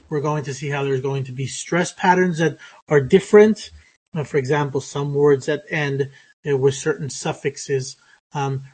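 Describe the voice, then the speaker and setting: A man giving a recorded lecture on English phonetics, halting often with fillers and restarts as he works through his slides. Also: a little high, poor audio.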